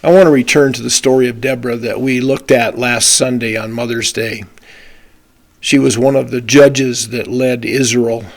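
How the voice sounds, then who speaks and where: A man giving a short devotional with a prayer, his voice scratchy and hoarse from a cold, speaking in a slow, measured, reflective way. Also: mid-range voice, steady tone. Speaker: pastor.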